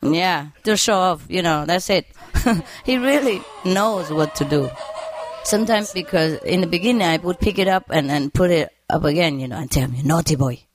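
A woman's voice: on the low side, normal speed. Laughing woman chatting about her pets. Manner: laughs often, animated, acts out her pets' voices. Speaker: bird owner. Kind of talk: casual storytelling.

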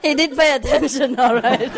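A woman's voice: high-pitched, very noisy. A woman telling jokes to an audience, laughing through her punchlines and acting out the characters' lines. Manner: acts out characters' lines in quoted voices. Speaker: joke teller.

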